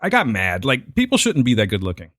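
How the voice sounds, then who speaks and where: A man's voice: medium pitch, wildly swooping pitch, a little fast, fairly bright tone, dry recording, studio quality. A man co-hosting a podcast in casual chat, joking and self-deprecating. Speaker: podcast co-host.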